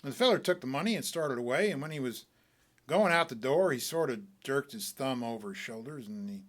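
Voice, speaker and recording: A man reading a short story aloud as a folksy, animated tall-tale teller. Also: medium pitch, a little fast.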